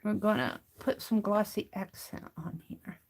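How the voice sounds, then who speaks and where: A woman hosting a crafting livestream, talking slowly and muttering to herself as she works, then greeting her chat. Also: mid-range voice, animated. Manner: slow, muttering to herself while working, greets chat warmly. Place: home craft studio.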